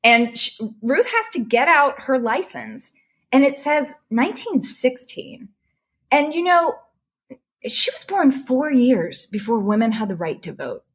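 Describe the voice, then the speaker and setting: A middle-aged woman telling a heartfelt personal story as a podcast guest, animated and stumbling over her words as she grows emotional. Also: high-pitched, measured pace. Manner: animated, restarts when moved.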